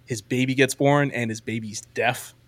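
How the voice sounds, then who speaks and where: A male podcast host chats casually and enthusiastically about ranking movies, rambling with heavy use of "like" and "um". His voice is medium-pitched and steady, at a normal speed with no echo.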